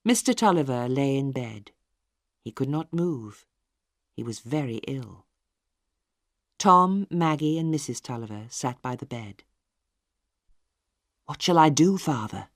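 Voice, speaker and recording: Slow, deliberate woman narrator. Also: rumbling low, expressive, no echo, clean studio sound. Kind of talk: slow graded-reader audiobook narration.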